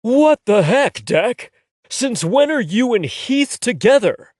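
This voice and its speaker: A man voicing an excited, nosy male friend in audiobook dialogue who presses for gossip. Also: sits high, drawn-out words, no echo, clean studio sound, pitched above the performer's own voice, exaggerated voice. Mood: eager.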